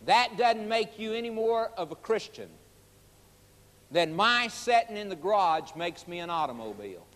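Animated high-voiced male preacher. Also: moderate pace, in a large hall. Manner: emphatic, folksy, direct address. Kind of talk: sermon.

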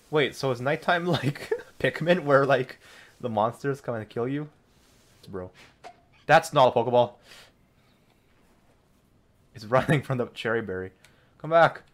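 A young man giving excitable let's-play commentary, laughing often and breaking into loud outbursts as he plays. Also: mid-range voice. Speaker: gaming video creator.

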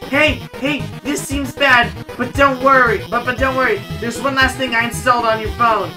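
A man voicing a nervous, helpful female monster scientist from a video game, hurried and anxious, with game music behind. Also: very high voice, steady tone, recorded from a distance, pitched above the performer's own voice, rough recording. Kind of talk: reading game dialogue aloud in a voice.

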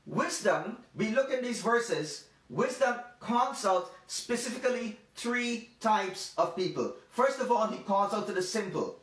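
High-voiced male preacher, emphatic and slow. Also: expressive, a bit bright. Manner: emphatic, repetitive preaching with slow stressed phrases. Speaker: pastor. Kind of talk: devotional sermon. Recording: roomy sound from a distant mic.

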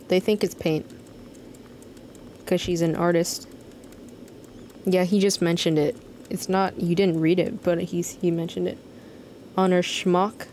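A woman's voice: lowish voice, warm tone, a little hiss or hum. An American woman rambling and swearing casually as she streams a game and answers her chat. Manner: rambling, chatty, swears freely, reads chat aloud. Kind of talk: casual live-stream commentary.

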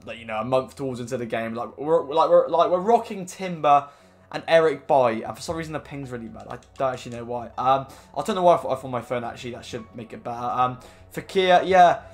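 A young man commenting on his own online football match, swearing often and swinging from frustrated mutters to excited shouts. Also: medium pitch, fast talker. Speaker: gaming YouTuber. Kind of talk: live gameplay commentary.

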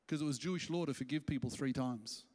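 A man preaching a sermon as pastor, animated and acting out quoted voices as he speaks. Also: mid-range voice, fast. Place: church auditorium. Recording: long church reverb.

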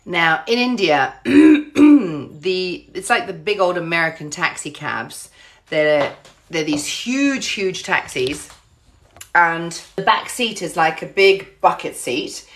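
A woman with a fairly low-pitched voice, telling a personal story straight to the camera. She chats loosely and often repeats her words as she hunts for them. A faint hiss of background noise sits under her speech. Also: animated, slow pace. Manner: chatty, repeats words, describes things with gestures. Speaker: vlogger.

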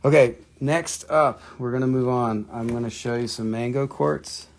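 A man's voice: mid-range voice, fairly even intonation, moderate pace. A man hosting a live stream where he sells crystals, talking in a chatty, joking way. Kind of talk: casual live sales stream.

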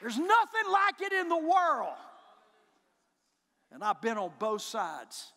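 A man preaching a sermon as pastor, building from low, intent statements to shouted declarations with repeated lines. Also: huge pitch swings, takes it slowly, long pauses, big-room sound, some chatter behind. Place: church sanctuary.

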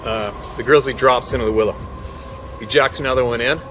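A man who works as a hunting guide, telling a tense story about a grizzly in a casual, animated way, often laughing and acting out the scene. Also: mid-range voice, a little fast, slight background noise.

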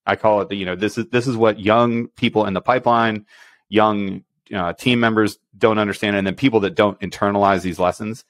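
Blunt low-voiced military podcast man. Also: brisk, dry recording. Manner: blunt, animated, acts out quoted exchanges. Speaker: podcast co-host, special warfare operations superintendent. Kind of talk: casual podcast chat.

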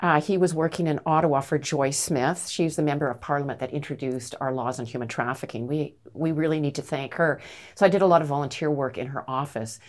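A woman's voice: low voice, fairly quick. A middle-aged woman from Canada, an advocate answering interview questions with earnest, emphatic storytelling. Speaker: anti-trafficking advocate, guest.

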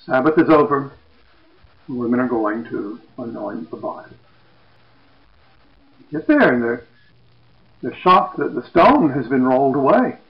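A man retelling a Bible story as a lesson, in a plain storytelling voice that goes quiet for quoted speech. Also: medium pitch, expressive, measured pace, long pauses. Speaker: Bible teacher. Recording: echoey, dull lo-fi room.

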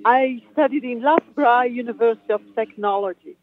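Brazilian woman on a tinny phone line. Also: on the high side. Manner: halting, restarts often, laughs between phrases. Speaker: guest musician. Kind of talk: casual interview over the phone.

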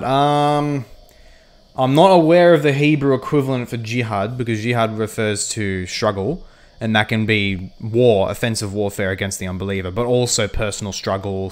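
A livestream gamer talks casually through a strategy game, thinking aloud with lots of ums and reading chat messages out loud. His voice is medium-pitched with fairly even intonation, and he speaks at a moderate pace.

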